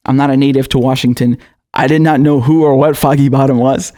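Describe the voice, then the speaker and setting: A man's voice: mid-range voice, fairly even intonation, fairly quick, mellow. A young man hosting political commentary, indignant and profane, often laughing.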